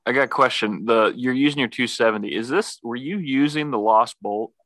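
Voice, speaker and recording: Bright-voiced enthusiastic podcast host man. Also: mid-range voice, fairly quick, no room sound. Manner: enthusiastic, frequent laughter. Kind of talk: casual podcast chat.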